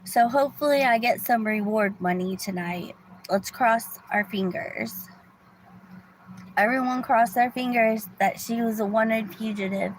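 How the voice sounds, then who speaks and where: A woman's voice: on the high side, measured pace, a little hiss or hum, poor audio. A woman telling a rambling story to her viewers from her car, often restarting her sentences and sometimes dropping to a whisper. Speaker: vlogger. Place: car in a parking lot.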